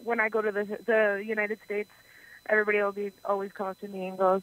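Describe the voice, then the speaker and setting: A woman's voice: medium pitch, steady tone, fast, no echo, rough recording. Giggly chatty Canadian woman. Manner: giggly, talkative. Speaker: singer guest. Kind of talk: casual interview chat.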